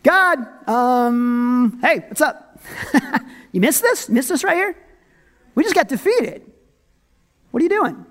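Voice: big pitch swings, slow, pauses often, fairly bright tone, full character voice. A pastor acting out an ancient male leader who whines and pleads in a raised, complaining voice during a sermon. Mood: whining. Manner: whiny, pleading, raised pitch. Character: whining ancient male leader throwing a fit.

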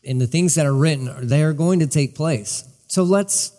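A man's voice: on the high side, normal speed. Conversational male pastor in a reverberant hall. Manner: conversational, animated preaching with asides. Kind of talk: sermon.

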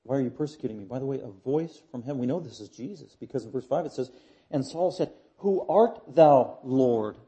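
A man preaching an expository sermon, emphatic and repetitive, swinging from loud declarations to hushed asides. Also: mid-range voice, fast talker.

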